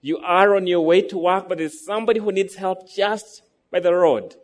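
A man's voice: high-pitched, normal speed. A man in his thirties preaching a sermon to a congregation, asking them rhetorical questions as he goes. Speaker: pastor.

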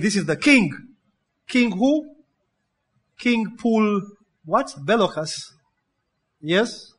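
A male preacher delivers a lively sermon. His voice sits fairly high for a man. He piles up words and keeps drawing his congregation in with quick questions. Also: breathy edge. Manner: animated, call-and-response, piles up synonyms.

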